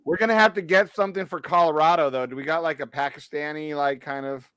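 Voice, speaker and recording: A man's voice: a little high, fast talker, smooth, no room sound. A man co-hosting a podcast in casual chat, telling rambling stories and slipping into voices, over a call mic. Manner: rambling storyteller, animated, doing voices. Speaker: podcast co-host. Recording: faint background music.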